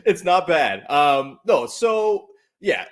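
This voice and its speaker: A man's voice: a little high, sing-song, takes it slowly. A man hosting a sports podcast, chatting casually and joking, with upbeat ad reads. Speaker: podcast host. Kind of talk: casual sports chat and read ad.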